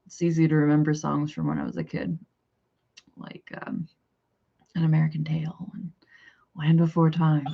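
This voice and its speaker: Woman streamer, casual rambling chat, gravelly voice, lo-fi mic. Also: deep voice, flat delivery, normal speed, long pauses. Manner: chatty, rambling, hesitant.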